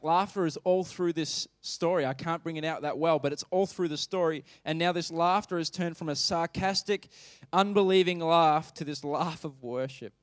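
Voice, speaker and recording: A man's voice: fairly high pitch, no echo, studio quality. A man preaching a sermon as pastor, talking conversationally and emphatically and putting questions to the congregation.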